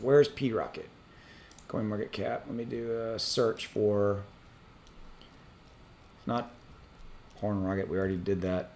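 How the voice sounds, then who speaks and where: A man hosting a crypto livestream from a home setup, reading out viewer messages in a rambling, halting way with many ums and restarts. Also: medium pitch, fairly even intonation, a little mellow, a little hiss or hum. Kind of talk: casual livestream chat reading super chats.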